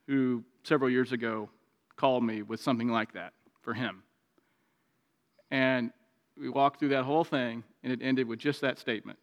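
A man preaching a sermon, moving between raised, emphatic passages and quiet, confiding stretches. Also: dull audio. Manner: preaching with swings from raised intensity to quiet, low confiding tones. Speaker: pastor. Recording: long hall reverb.

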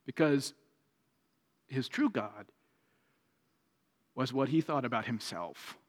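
A man preaching a sermon, moving between raised, emphatic passages and quiet, confiding stretches. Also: takes it slowly. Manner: preaching with swings from raised intensity to quiet, low confiding tones. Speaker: pastor. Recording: long hall reverb.

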